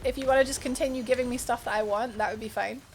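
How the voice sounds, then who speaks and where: A woman's voice: fairly high pitch, fairly even intonation, fast talker, darkish tone, slight background noise. A woman streaming a video game, chatting with viewers and thinking aloud as she plays, often laughing and gasping. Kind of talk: live gameplay commentary chatting with viewers.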